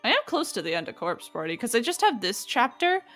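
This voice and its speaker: A woman's voice: on the high side, very animated, a little fast, a bit bright, soft background music. A woman streaming a game live, chatting and reacting aloud as she plays.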